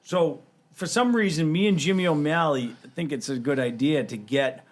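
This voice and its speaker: A man telling a wild story in casual podcast chat, profane and animated, shouting out the quoted lines. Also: fairly high pitch, normal speed.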